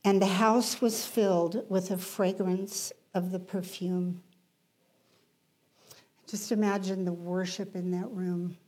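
A woman preaching a sermon, emphatic, rising in intensity and then dropping to hushed lines. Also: fairly low pitch, level tone, slow.

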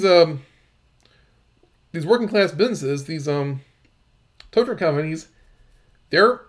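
A man with a somewhat high voice reads news articles aloud and breaks off into his own comments. His delivery is halting, full of fillers and restarts.

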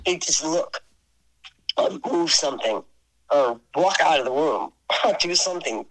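An older woman, a singer and podcast guest, telling a story in casual chat, animated and laughing often as she acts out both sides of a conversation. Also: low-pitched, measured pace, poor audio. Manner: animated, laughing often, voices her friend's lines.

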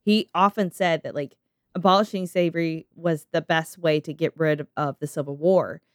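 A woman's voice: low voice, fairly even intonation, normal speed, no room sound, studio quality. A woman podcast host reading out a history story, breaking in with laughing, profane asides.

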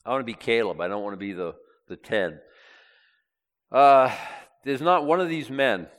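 A man preaching a sermon, reading scripture aloud and swinging between loud and hushed delivery. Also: medium pitch, moderate pace.

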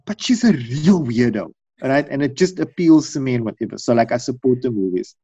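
A middle-aged man in casual chat, telling long rambling stories and acting out quotes in high voices. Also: animated, a little fast, dark tone, husky. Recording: dull dry recording.

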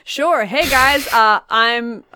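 A woman's voice: on the high side, slow, pushed and bright. A woman co-hosting a podcast in casual chat, teasing and playful. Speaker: podcast co-host.

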